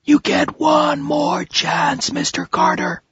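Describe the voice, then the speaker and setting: A narrator voicing a menacing male kidnapper with a distorted, whispery mechanical voice, talking slowly and coldly over a speakerphone. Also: extremely high pitch, little pitch movement, gravelly, fairly bright tone, no echo, lo-fi sound, voice pushed up, heavily acted. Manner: slow, cold, threatening.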